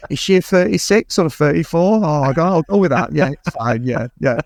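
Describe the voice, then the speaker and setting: A man's voice: a little high, lively intonation, a little fast, gravelly, dry recording. A man co-hosting a podcast, chatting about a film in a rambling, sweary way and laughing often. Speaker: podcast co-host. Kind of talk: casual film review chat.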